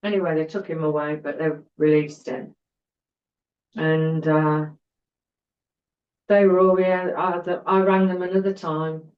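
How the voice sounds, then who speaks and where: A woman's voice: low voice, little pitch movement, unhurried, pauses often. A middle-aged woman, a podcast guest telling her personal story in an earnest way and repeating words for emphasis. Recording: roomy, dull-sounding recording.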